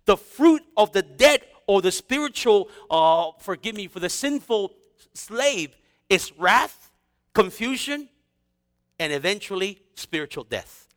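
A male pastor preaching with a high, very lively voice that leaps up and down. His tone is bright and his delivery is casual and animated, full of slang and acted-out quotes. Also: a little slow, in a large hall. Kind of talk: sermon.

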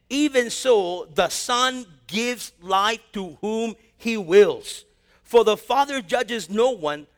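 In this sermon, a man with a high voice mixes scripture readings with animated, slangy tangents and dialogue he acts out himself.

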